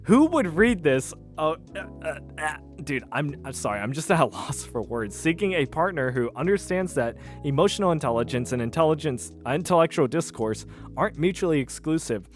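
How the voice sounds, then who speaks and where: Young man, somewhat high voice, sarcastic incredulous commentary, faint music behind. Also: expressive, brisk, hardly any pauses. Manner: incredulous, sarcastic, laughing asides. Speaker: commentary host. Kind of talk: reaction commentary.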